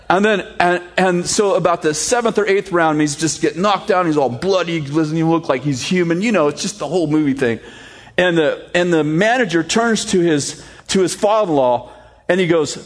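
Male pastor, lively storytelling sermon voice, sarcastic humor. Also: on the high side, moderate pace. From United States. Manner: animated storytelling, jokey and sarcastic.

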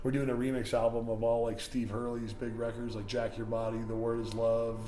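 A man's voice: medium pitch, little pitch movement, brisk, warm tone. A man guesting on a podcast, telling profane, laughing party anecdotes in a casual way. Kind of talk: casual storytelling. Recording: echoey room, faint ambient noise.

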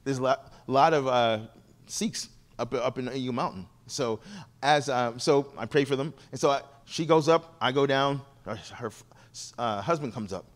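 A man preaching as a guest, telling stories from the pulpit and acting out the voices of the people in them. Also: moderate pace. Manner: animated, acts out quoted people with shifting pitch. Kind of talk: sermon storytelling.

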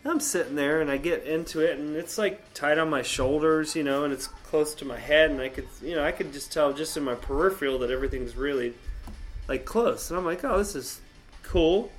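A man in his thirties telling a story casually, animated and swearing, acting out quotes in a higher voice. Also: brisk, faint music behind. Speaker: vlogger.

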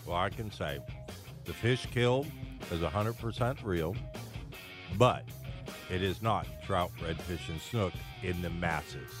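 Lower-voiced man co-hosting talk radio. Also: takes it slowly, over music. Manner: explanatory, a bit sarcastic. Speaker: radio co-host. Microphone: studio microphone.

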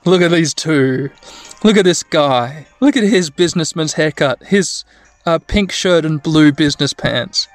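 A man narrating a video game at a gentle bedtime pace, rambling and making wry asides. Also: a little high, a little slow, dry recording, faint music behind. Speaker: let's play narrator.

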